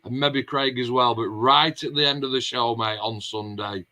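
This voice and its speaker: Bright-voiced man telling rambling anecdotes. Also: mid-range voice, moderate pace, poor audio. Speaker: vlog host. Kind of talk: casual chat.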